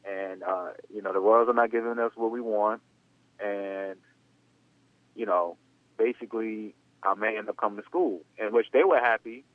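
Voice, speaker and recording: A man's voice: lowish voice, normal speed, no room sound. A man in his thirties, an interview guest telling a long story in a loose, rambling way full of "you know.". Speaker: interview guest, former athlete. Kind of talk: casual spoken storytelling. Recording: dry, tinny phone-line sound.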